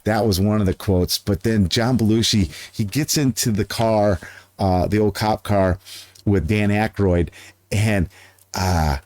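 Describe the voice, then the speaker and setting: A man's voice: on the low side, unhurried, a little mellow, no room sound. A man chatting casually to camera outdoors, earnest and rambling, often losing his train of thought. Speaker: vlogger.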